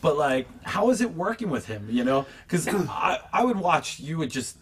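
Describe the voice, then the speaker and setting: A man's voice: fairly high pitch, very animated, moderate pace, husky. A man hosting an interview, asking long, chatty questions full of fillers. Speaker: interview host. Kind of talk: casual interview chat.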